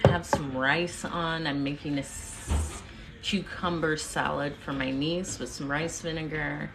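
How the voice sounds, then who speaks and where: A woman in middle age talks to her livestream audience through a phone, sounding as if she is at home in her kitchen. Her voice sits low, and she takes her time with each phrase. She comes across as effusive and upbeat, with faint noise underneath her voice. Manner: effusive, upbeat, thanks viewers by name. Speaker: livestream storyteller and speaker. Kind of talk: casual livestream chat with viewers.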